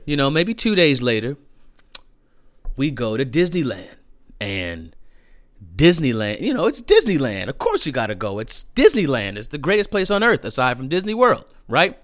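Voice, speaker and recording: A young man casually telling a profane, animated family story with lots of fillers and laughter. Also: mid-range voice, clear, resonant tone, no room sound, clean studio sound.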